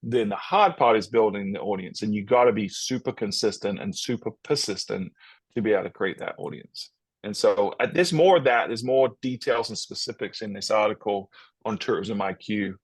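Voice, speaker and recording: A man's voice: fairly low pitch, normal speed, slightly rough, dry recording. A man co-hosting a podcast, talking casually and upbeat, often repeating words as he restarts. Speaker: podcast co-host.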